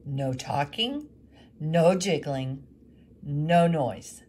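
A woman voicing a grumpy old male woodcarver in a read-aloud story, slow and gruff. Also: low-pitched, animated, darkish tone, slight background noise, heavily acted. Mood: stern.

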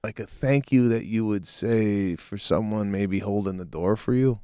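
A man's voice: fairly low pitch, normal speed, dark tone, smooth, no echo, clean studio sound. A man in his forties co-hosting a podcast, telling a story in a casual, incredulous way with trailing restarts. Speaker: podcast co-host. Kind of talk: casual chat.

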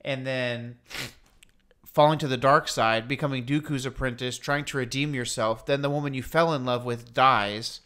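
A man with a smooth, resonant voice, chatting casually as a podcast co-host. He rambles and jokes, telling stories with animated energy. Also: medium pitch, normal speed. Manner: rambling, jokey, animated storytelling. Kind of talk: casual chat.

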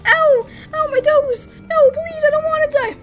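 A woman's voice: steady tone, normal speed, over music. A woman voicing a cheerful male sun animatronic who squeals and wails in pain, in a game video. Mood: pained pleading. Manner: high-pitched squealing and wailing.

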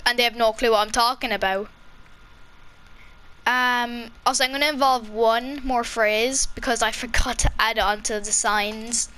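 A woman's voice: fairly high pitch, steady tone, normal speed, sharp tone, smooth. A young woman from Ireland with an Irish accent, chatting casually as a kids YouTuber, rambling and giggling with lots of ums. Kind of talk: casual vlog talk.

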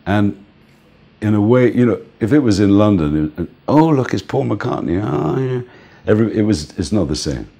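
An older man with a very low, deep voice tells stories in an interview. He is animated and laughs easily. He slips into the voices of the people in his tales. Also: normal speed, breathy edge. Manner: animated storyteller, laughs often, acts out the people he quotes. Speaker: music manager interviewed. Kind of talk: anecdotal interview storytelling.

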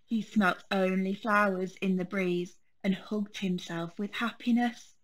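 A woman teacher reading a children's storybook aloud, gentle and expressive. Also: mid-range voice, a little slow, few pauses, a little hiss or hum.

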